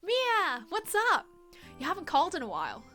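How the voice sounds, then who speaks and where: A woman's voice: very high voice, huge pitch swings, moderate pace, sharp tone, faint music behind, pitched above the performer's own voice, heavily acted. A woman reading the lines of a spirited young woman teasing her older sister. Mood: playful. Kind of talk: reading game dialogue aloud.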